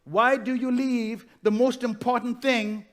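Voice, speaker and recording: Pastor, male, higher-pitched voice, sermon delivery, slows down on key lines, asks the room questions. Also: level tone. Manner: rhetorical questions, slows down to stress key phrases.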